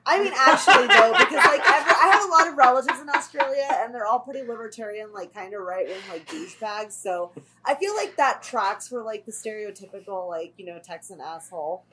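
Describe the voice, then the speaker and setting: A woman co-hosting a podcast in casual chat, blunt and quick to laugh. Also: on the high side, very noisy. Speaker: podcast co-host.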